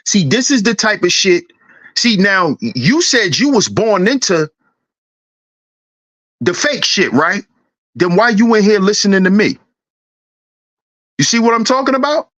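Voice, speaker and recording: A man's voice: high voice, big pitch swings, unhurried, long pauses, a bit bright. A man hosting a livestream, ranting in a heated, preachy and profane way, repeating his lines for emphasis. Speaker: livestream host. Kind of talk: livestream commentary rant.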